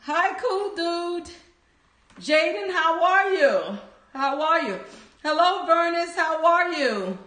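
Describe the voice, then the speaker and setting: A woman's voice: very high-pitched, sing-song, takes it slowly, a bit bright. A woman hosting a livestream, cheerfully greeting viewers by name and reading their chat comments aloud. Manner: upbeat, cheering. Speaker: livestream host. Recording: echoey room.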